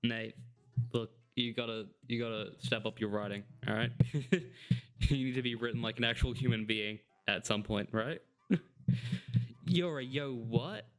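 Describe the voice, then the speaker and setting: A man's voice: medium pitch, steady tone, normal speed. A man giving casual let's-play commentary in a mid-range voice. He pokes fun at the game with sarcastic asides and laughs often. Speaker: gameplay commentator.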